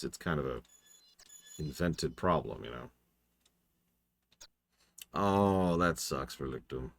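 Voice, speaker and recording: A man with a low voice gives casual commentary while streaming a game. He talks in a wry, rambling, self-deprecating way. His pitch swings widely. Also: lively intonation, takes it slowly, creaky, long pauses, fairly bright tone.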